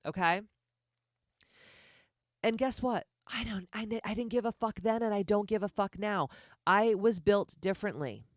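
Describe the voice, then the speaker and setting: Deep-voiced woman ranting bluntly. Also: normal speed, long pauses, dry recording, studio quality. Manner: blunt, profane and confrontational; repetitive rhetorical questions. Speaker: podcast host. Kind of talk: motivational podcast rant.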